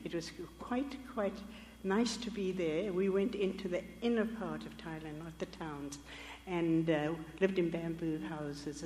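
Older woman, missionary testimony preacher, lively storyteller who acts out quoted voices, long hall reverb. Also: fairly low pitch, a little hiss or hum. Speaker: missionary speaker.

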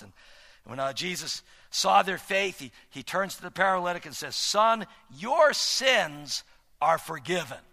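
Man, pastor, sermon, very high lively voice, shouts and hushes, long hall reverb. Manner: dramatic, swings from shouting to near-whispers.

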